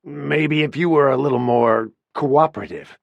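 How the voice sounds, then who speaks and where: A man's voice: mid-range voice, very animated, a little fast, breathy edge, no echo, highs cut off. A man doing a sleazy, curt office boss. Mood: curt, defensive. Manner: curt, snappish, insinuating.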